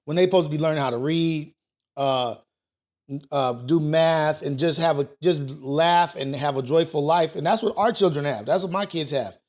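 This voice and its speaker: A man's voice: a little high, normal speed, darkish tone. Profane, loose-talking male show host. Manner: loose, profane, thinks aloud with restarts. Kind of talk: casual talk show commentary.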